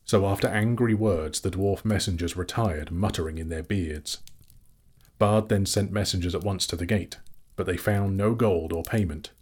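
A man reads a fantasy novel aloud in a steady storytelling manner. His voice is very deep and noticeably husky. The delivery is scripted narration throughout. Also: moderate pace. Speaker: audiobook narrator.

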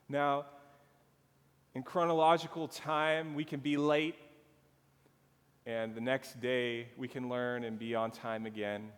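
A man pastor preaching a sermon slowly and earnestly, drawing out his phrases. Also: mid-range voice, steady tone, a bit bright, smooth. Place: church sanctuary. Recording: long reverb of a church hall.

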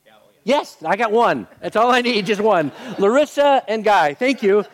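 The speaker is an older man with a high voice, delivering a sermon at a normal pace in his role as pastor. He animates a story by performing the quoted lines, then softens as he leads everyone in prayer.

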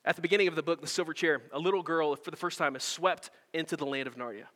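A man preaching a sermon as pastor, telling a story in an animated way, with emphatic build-ups and quick self-corrections. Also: a little high, long reverb tail.

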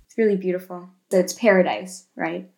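A woman co-hosting a casual podcast, retelling film scenes in an animated way and tagging lots of questions. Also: on the low side, fairly quick, creaky. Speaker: podcast co-host.

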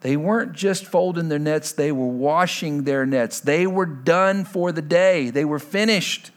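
A male pastor preaching a sermon to his congregation, emphatic and shifting between loud and hushed delivery. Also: fairly high pitch, measured pace.

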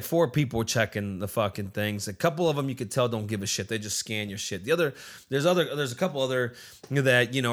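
A man with a voice of ordinary middle pitch tells a long story in a loose, rambling way. He swears freely and slips into the voices of his friends when he quotes them. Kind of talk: casual profane anecdote.

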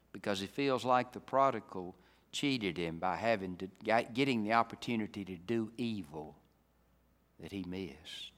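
A man preaching a sermon, swinging from loud, emphatic climaxes down to soft, low passages. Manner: dynamic, rising to loud emphatic peaks then dropping soft. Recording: reverberant hall.

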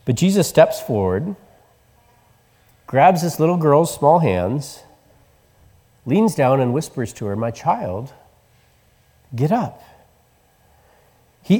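A pastor preaching in a reverberant hall. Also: male voice, mid-range voice. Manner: storytelling, drops to soft tender tones for quoted words. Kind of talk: sermon.

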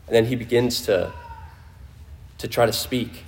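A man preaching a sermon to a congregation in a conversational way, often restarting phrases and dropping his voice low for emphasis. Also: brisk, darkish tone, faint music behind. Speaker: pastor. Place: church in front of a congregation.

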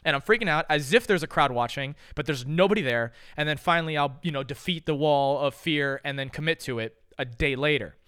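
A young man co-hosting a podcast, telling stories in an animated, jokey, profane way. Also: a little high, brisk, few pauses, smooth, no echo, studio quality. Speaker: podcast co-host. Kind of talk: casual chat.

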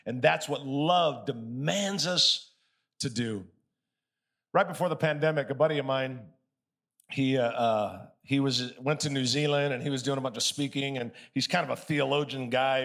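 A man preaching in a church, telling a story with energy and then speaking softly in invitation. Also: a little high, creaky. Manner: animated storytelling that drops to soft, quiet invitation. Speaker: pastor. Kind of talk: sermon.

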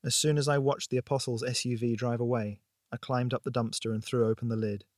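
A man's voice: mid-range voice, brisk, no echo. Dry close-mic male audiobook narrator. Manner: expressive, steady storytelling.

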